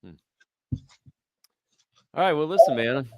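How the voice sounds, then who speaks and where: A man hosting a casual chat, laid-back and often trailing off softly. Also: a little high, animated, takes it slowly, clear, resonant tone, no room sound. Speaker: podcast host.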